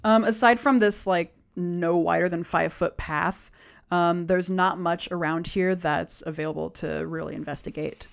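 A woman narrating a tabletop game as game master, pausing often with ums. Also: on the low side, fairly even intonation, vocal fry. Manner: halting, with many ums.

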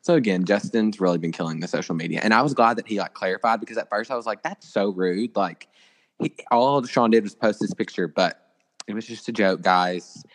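On a podcast he co-hosts, a young man with a lowish voice talks fairly quickly about celebrity gossip. It's a casual conversation packed with filler words.

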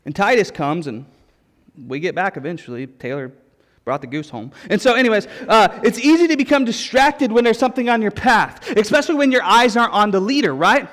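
A male pastor preaching a sermon, telling stories with repeated refrains in an animated way. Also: sits high, fairly quick. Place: church sanctuary. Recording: long reverb of a church hall.

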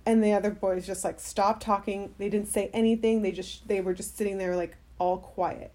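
A woman's voice: medium pitch, fairly even intonation, normal speed, few pauses, mellow. A young woman co-hosting a podcast, telling a story in casual chat with lots of fillers. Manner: rambling, many fillers. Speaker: podcast co-host.

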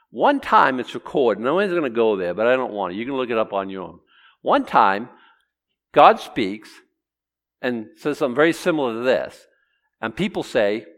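In a very animated, fairly bright mid-range voice at moderate pace, a man gives a conversational Bible lesson. He chats with listeners, quizzes them with questions, and acts out the quotes as he reads them.

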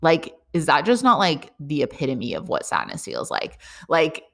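Young woman, podcast host, candid rambling monologue, swears freely, fry in her voice. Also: deep voice, wildly swooping pitch, normal speed, fairly bright tone. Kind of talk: casual personal monologue. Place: lives abroad, talking to listeners.

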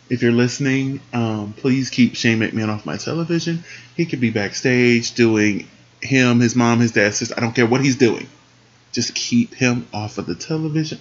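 A man talks through last night's wrestling show in a sassy, animated way, laughing often and jumping into sudden high squeals. His voice sits mid-range, and the recording sounds dull and lo-fi, as if made at home. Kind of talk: casual recap commentary.

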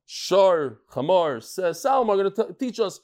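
A man teaches a daily Talmud class to a live room. His voice sits a touch high and lively, and he stays emphatic, punching key words and tossing questions at his students. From Brooklyn, New York. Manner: animated, emphatic, quick asides and questions to the class.

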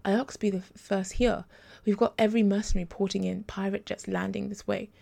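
A woman's voice: medium pitch, fairly even intonation, a little fast, vocal fry, mellow. A woman reading as an urgent male detective. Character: half-human male detective, urgent and blunt. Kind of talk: audiobook character reading.

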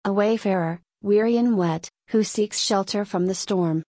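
A fearless king from a storybook tale speaks, as a woman reads him with firm, courtly steadiness and no tremor. His voice sits at an ordinary pitch. The recording is close and dry. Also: normal speed, a little mellow, dry recording, close to an everyday voice. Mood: commanding. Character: tall, fearless middle-aged male king in disguise.

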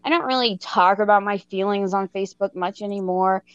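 A woman in her thirties, co-hosting a casual chat, telling a story in an animated, self-mocking way and laughing as she goes. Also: medium pitch, a little fast, smooth, no room sound, muffled recording. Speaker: podcast co-host.

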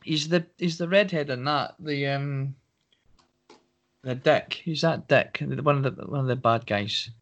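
A man chats loosely on a podcast. He rambles, laughs, and trails off while hunting for names. His pitch sits in the middle. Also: unhurried, a bit bright, dull audio. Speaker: podcast co-host. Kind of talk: casual chat.

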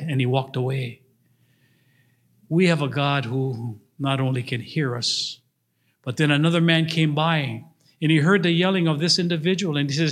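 A man's voice: fairly high pitch, normal speed. An older man preaching a sermon, telling stories and acting out the voices of the people in them. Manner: animated storytelling preacher, acts out voices in his stories. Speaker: pastor.

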